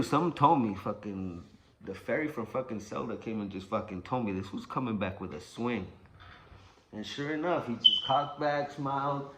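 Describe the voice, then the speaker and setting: A man tells a story from his past in a loose, rambling way, full of swearing and acted-out sound effects. His voice is bright and forceful. A faint hiss of noise sits behind him. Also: medium pitch. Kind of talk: casual profane storytelling.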